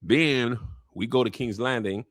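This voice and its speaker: A man's voice: mid-range voice, unhurried, a bit bright, dry recording. A man giving a comedic recap of a TV episode, telling it as a story and acting out the characters in slangy voices, recorded in a studio. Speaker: show recap host. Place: podcast studio. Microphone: studio mic.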